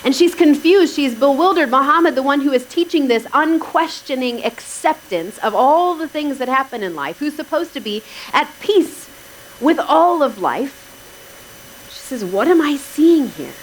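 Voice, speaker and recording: Lady preacher, kinda high voice, chatty sermon with little jokes, faint hiss behind. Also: lively intonation, moderate pace, low-quality recording. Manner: conversational, wry asides to the congregation. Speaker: pastor.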